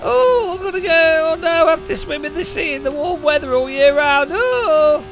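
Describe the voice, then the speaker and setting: A man voicing a pampered, self-pitying man, with sighing, drawn-out moans. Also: very high-pitched, animated, fairly bright tone, soft background music, pitched above the performer's own voice, heavily acted. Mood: whiny mocking.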